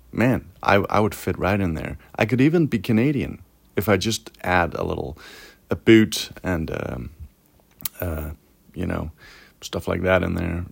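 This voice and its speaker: A Danish-born male actor speaking with an American accent, relaxed and conversational, showing off his voices. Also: low-pitched, gravelly, breathy edge, no echo. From Denmark. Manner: relaxed, conversational, with frequent fillers. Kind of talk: voice demo reel.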